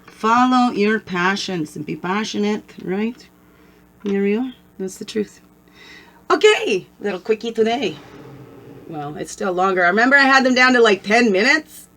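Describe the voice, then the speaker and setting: A woman's voice: medium pitch, animated, normal speed, fairly bright tone. A woman hosting her own channel, giving a casual motivational talk to camera as a spiritual guide, conversational and blunt, often checking in with "right?". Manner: conversational, keeps asking "right?" for agreement; blunt and earthy, mixes swearing with spiritual talk.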